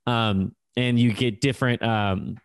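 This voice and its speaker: A man's voice: mid-range voice, fairly even intonation, a little slow, clear, resonant tone, dry recording. Playful man hosting a podcast. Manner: playful, joking, campy. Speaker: podcast co-host. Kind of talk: casual chat.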